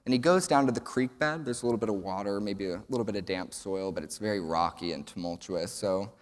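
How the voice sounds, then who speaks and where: A man's voice: fairly low pitch, a little fast. A young man from Texas, giving an earnest prepared speech at a summit and telling a folksy joke. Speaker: student speaker. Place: large event hall. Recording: long hall reverb.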